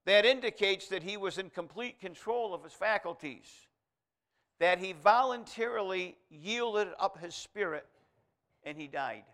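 Male preacher, slightly high voice, shifts from hushed asides to emphatic sermon peaks. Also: lively intonation, a little slow. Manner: swings from quiet aside to loud emphatic proclamation; reads scripture aloud in King James wording.

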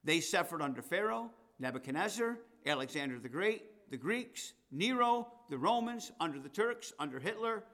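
A man's voice: sits high, lively intonation, moderate pace, few pauses. Emphatic preacher man. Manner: emphatic, rising to loud declarations and dropping to asides. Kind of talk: sermon.

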